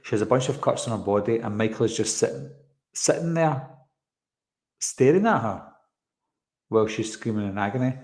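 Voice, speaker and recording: A man hosts a live stream in a relaxed, rambling way, reading viewer comments aloud and answering them between fillers. His voice sits at an ordinary middle pitch. The room around him gives a noticeable echo. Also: moderate pace, long pauses. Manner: chatty, rambling, frequent fillers. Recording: roomy echo.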